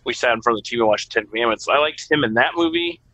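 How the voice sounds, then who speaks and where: A man's voice: mid-range voice, racing, bright, forceful tone, no room sound, poor audio. A man co-hosting a podcast, casually rambling about films he has seen. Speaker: podcast co-host. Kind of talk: casual movie review chat.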